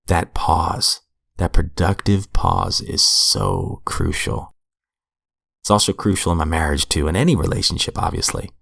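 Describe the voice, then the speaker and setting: A hoarse man hosting a podcast, reading passages aloud and reflecting on them in an earnest, conversational way. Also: low-pitched, sing-song, measured pace, a bit bright, no room sound, studio quality. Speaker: podcast host reading recovery literature. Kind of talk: reflective solo podcast commentary.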